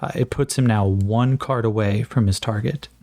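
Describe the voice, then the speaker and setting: A man's voice: on the low side, moderate pace, vocal fry, warm tone, no room sound. Casual man narrating a solo tabletop game. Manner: casual, thinking aloud with frequent fillers; jokes at his own accent attempts.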